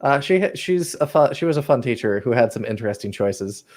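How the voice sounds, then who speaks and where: A man's voice: medium pitch, lively intonation, brisk, darkish tone. A man in his twenties, a graduate student guest, joking in laid-back casual chat over a video call.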